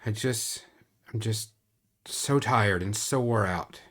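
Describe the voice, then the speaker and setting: Give me a game master putting on a frail, weary middle-aged woman, soft and hesitant. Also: medium pitch, slow pace. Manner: weak, hesitant.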